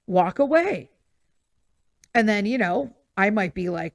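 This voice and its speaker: A woman's voice: on the high side, lively intonation, measured pace, vocal fry, no echo, studio quality. A woman hosting a podcast, chatting casually about parenting and often checking in with listeners with "okay?". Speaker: podcast host.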